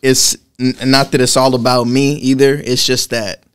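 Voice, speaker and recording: A man's voice: mid-range voice, level tone, moderate pace, clean tone. A man in his twenties from Massachusetts, a podcast guest talking in a rambling, casual way, full of restarts. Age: 20s. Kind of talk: casual chat.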